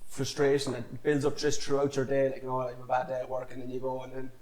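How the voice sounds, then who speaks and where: A man hosting a podcast in casual chat who asks questions and backs up his guest with quick, repeated agreement. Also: mid-range voice, completely flat delivery, darkish tone, low-quality recording. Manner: quick, with constant backchannel "yeah, yeah". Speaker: podcast host.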